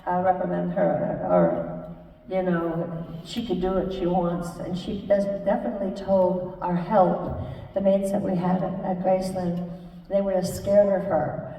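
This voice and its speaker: Older woman guest, low gravelly mellow voice, halting live storytelling, heard far off in a reverberant hall. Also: steady tone, slight background noise. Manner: halting, warm storytelling with many fillers and restarts. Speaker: guest telling her life story. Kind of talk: live stage conversation with audience. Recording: echoey hall, speaker far from mic.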